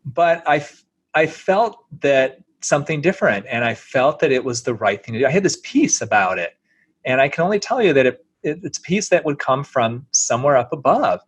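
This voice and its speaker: Middle-aged male surgeon guest, raspy edge, dead-dry recording, animated and sincere anecdotes. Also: mid-range voice, normal speed, dry recording, lo-fi sound. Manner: earnest, animated anecdote telling. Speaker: plastic surgeon, interview guest. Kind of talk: storytelling in an interview.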